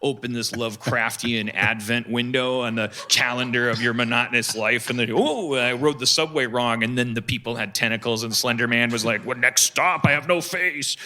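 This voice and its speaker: A man telling a rambling comic story on a live podcast, halting and restarting often as he goes. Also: mid-range voice, fairly even intonation, sharp tone.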